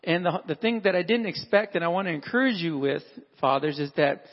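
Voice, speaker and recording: A man's voice: fairly high pitch, brisk, long reverb tail, highs cut off. A man addressing fathers at church in a conversational, sermon-style talk, acting out everyday dialogue. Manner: conversational, acts out dialogue with animated voices.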